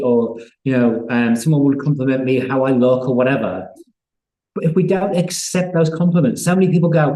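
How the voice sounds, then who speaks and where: A man hosting a live online interview, talking in halting bursts with frequent restarts and fillers. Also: mid-range voice, expressive, warm tone. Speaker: host. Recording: roomy echo.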